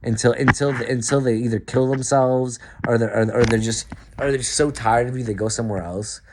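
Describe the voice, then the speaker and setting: A man's voice: mid-range voice, fairly even intonation, fairly quick, noisy background. A man talking straight to the camera in a loose stream of thought. He swears freely and keeps tripping over and restarting his sentences. His voice drops to muttered asides and then jumps up for emphatic bursts. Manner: profane, stream-of-consciousness, many restarts and stumbles; swings between quiet asides and emphatic outbursts. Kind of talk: rambling monologue to camera.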